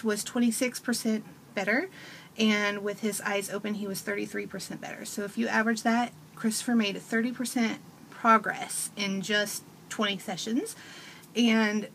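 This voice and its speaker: A woman's voice: mid-range voice, a bit bright, slight background noise. A woman in her thirties giving a casual testimonial as a parent, telling stories with animation and acting out her child's voice.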